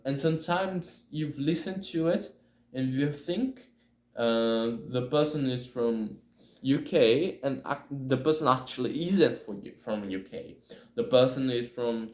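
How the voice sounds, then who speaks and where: A man learning English, talking in a hesitant, halting way and often correcting himself as he chats casually on camera. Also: medium pitch, a little mellow. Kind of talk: casual spoken monologue. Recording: echoey room.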